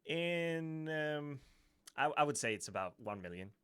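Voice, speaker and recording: A man's voice: mid-range voice, lively intonation, moderate pace, sharp tone, smooth. A man with a Swedish accent hosting a casual live Q&A, rambling and correcting himself playfully. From Sweden. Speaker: livestream host.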